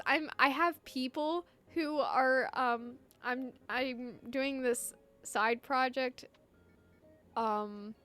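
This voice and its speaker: A woman's voice: a little high, fairly bright tone. A young woman streaming a game live, bubbly and giggly, easily flustered. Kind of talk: live game playthrough, reading lines aloud.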